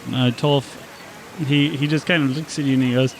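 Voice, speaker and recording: A man narrating as game master in a tabletop game, relaxed and quick to laugh at himself. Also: mid-range voice, slight background noise.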